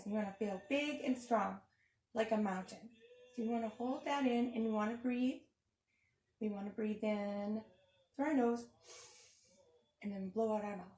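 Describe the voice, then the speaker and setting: Gentle preschool teacher woman. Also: fairly high pitch, reverberant, slight background noise. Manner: gentle, instructive, speaking to small children. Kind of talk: children's storytime and yoga lesson.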